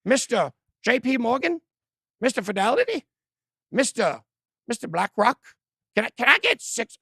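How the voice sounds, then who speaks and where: A fawning, whiny older woman official begs for money in a drawn-out, high, gravelly voice, as a man puts her on in a mocking impression. The voice sounds dry and close. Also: sing-song, bright, forceful tone, no echo, heavily acted.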